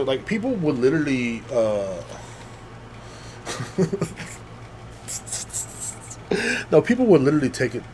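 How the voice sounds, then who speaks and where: A young man hosting his own podcast after a few drinks, rambling and swearing freely as he loses his thread. His pitch jumps around in a lively, expressive way. A faint hiss sits under the voice. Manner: profane, rambling, with frequent fillers and restarts. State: drunk. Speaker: podcast host. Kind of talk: casual rambling monologue.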